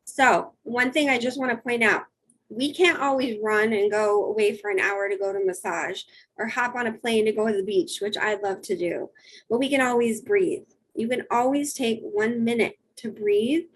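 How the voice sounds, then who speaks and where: Husky woman presenting a wellness webinar. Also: fairly high pitch, moderate pace, rough recording. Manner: friendly, conversational, lists tips. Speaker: dietitian and wellness coach.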